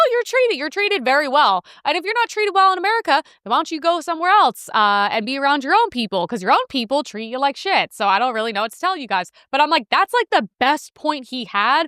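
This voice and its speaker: A woman's voice: sits high, bright, forceful tone, clear, resonant tone, dry recording, clean studio sound. A woman hosting a political commentary show, reacting to news clips in a brash, sarcastic, profane way.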